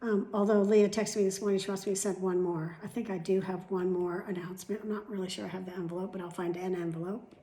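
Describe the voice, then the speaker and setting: Woman, middle-aged, vlogger, casual chat, rambling, chatty, swears now and then, mid pitch, echoey room at home. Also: fairly even intonation, fast, warm tone.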